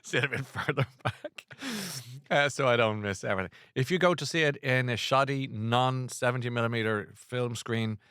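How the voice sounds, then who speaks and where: A man's voice: mid-range voice, normal speed, fairly bright tone, clear, resonant tone, no room sound, clean studio sound. A man hosting a casual chat show, rambling and self-deprecating with lots of restarts. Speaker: host.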